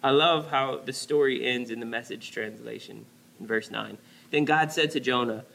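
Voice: medium pitch, normal speed, creaky, fairly bright tone. A pastor preaching a conversational sermon, often dropping to a near-whisper on key words.

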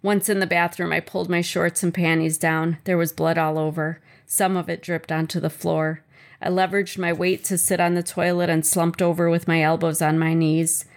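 A woman reads a chapter of her own memoir aloud. Her voice sits a little low, and her delivery is measured and earnest, a personal first-person reading. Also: flat delivery.

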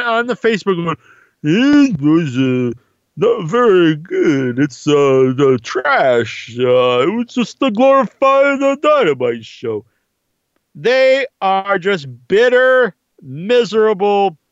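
Animated, rambling man with a high voice. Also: smooth, no echo, muffled recording. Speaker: wrestling commentator. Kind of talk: casual monologue.

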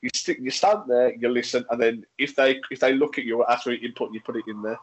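A man's voice: mid-range voice, quick pace, a little hiss or hum, rough recording. A man with a Birmingham accent chatting casually, telling stories bluntly and swearing freely. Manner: blunt and sweary, acting out quotes. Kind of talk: casual chat, storytelling.

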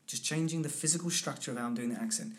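A man's voice: fairly high pitch, very fast. A man working as an accent and dialect coach, chatting animatedly in an interview and acting out little scenes in other voices. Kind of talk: casual interview chat.

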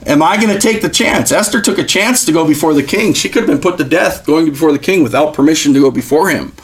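A man hosting a podcast speaks in an earnest, exhorting, preaching style, with frequent fillers. His voice is gravelly and sits a little high for a man. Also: quick pace, slight background noise. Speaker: podcast host.

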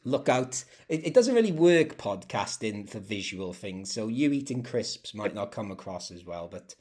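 A man's voice: fairly low pitch, big pitch swings, normal speed, darkish tone. A man hosting a football fan podcast, chatty and jokey with fillers. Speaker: podcast host. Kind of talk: casual podcast chat.

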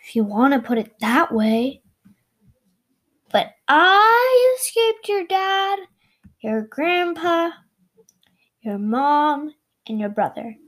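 A woman's voice: high voice, very animated, slow pace, long pauses, fairly bright tone, pitched above the performer's own voice, heavily acted. A woman voicing a boastful runaway turkey who teases the people chasing it, in a told story. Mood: taunting. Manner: taunting, sing-song boasts.

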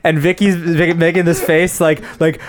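A man's voice: on the high side, flat delivery, normal speed. A man co-hosting a casual chat, reacting and introducing a guest. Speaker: podcast co-host.

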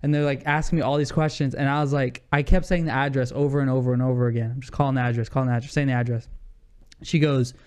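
A young man telling a heated story in casual chat on a podcast, animated and saying "dude" a lot. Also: mid-range voice, fast talker, smooth.

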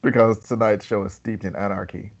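A man hosting a podcast game show, wry and quick to laugh, announcing scores. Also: lowish voice, fairly even intonation, vocal fry, dull audio.

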